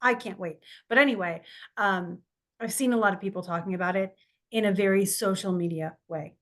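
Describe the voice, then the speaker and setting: A woman's voice: mid-range voice, a little fast, a bit bright. A woman co-hosting a casual podcast, speaking earnestly and with heartfelt emphasis. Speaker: podcast co-host, astrologer.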